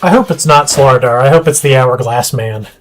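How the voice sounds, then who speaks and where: A man streaming a strategy game, chatting casually and thinking aloud with quick asides. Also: medium pitch. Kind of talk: casual gameplay chat.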